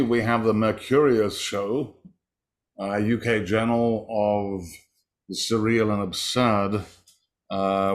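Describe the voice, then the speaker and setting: Slow, low-voiced male co-host. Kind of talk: announcements and poetry reading. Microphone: video call.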